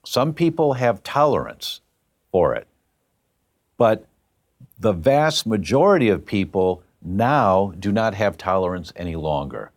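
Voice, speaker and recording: A man talking as an interview guest, telling a story and acting out the other voices in it. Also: lowish voice. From half Italian family. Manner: animated, acts out quoted voices. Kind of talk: conversational storytelling.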